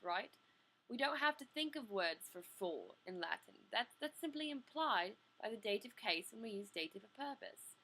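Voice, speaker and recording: A woman's voice: mid-range voice, gravelly, sharp tone. A teenage woman playing a teacher in a school project skit, lecturing in an exasperated way. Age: teens.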